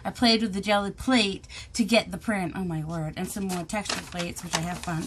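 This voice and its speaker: A woman's voice: fairly low pitch, steady tone, normal speed, background noise. A woman hosting her crafting channel, rambling and self-deprecating, chatting casually as she shows her work. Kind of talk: casual chat.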